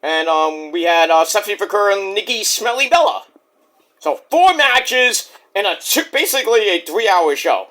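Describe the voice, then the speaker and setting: Man, high bright voice, very animated, casual profane wrestling review. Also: moderate pace. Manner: animated, profane, jokey, breaks into impressions. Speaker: wrestling reviewer, channel host.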